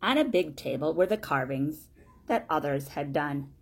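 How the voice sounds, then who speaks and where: A woman reading a children's storybook aloud in a plain, steady way, one sentence at a time. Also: deep voice, moderate pace, slight background noise. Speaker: storybook reader.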